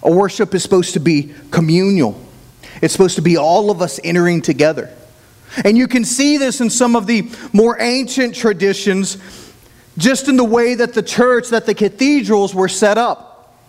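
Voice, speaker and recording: A man's voice: sits high, normal speed, darkish tone, in a large hall. A man from Oklahoma with an Oklahoma accent, preaching a sermon as pastor in a folksy, self-deprecating way, often repeating words as he thinks.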